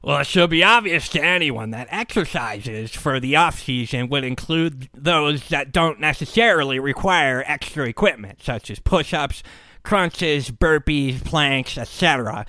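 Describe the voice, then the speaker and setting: A man's voice: a little high, expressive, a little slow, pushed and bright, no room sound, full character voice. A man playing a smug know-it-all swimmer. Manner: smug, lecturing. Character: condescending know-it-all nerdy male swimmer. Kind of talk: podcast comedy bit.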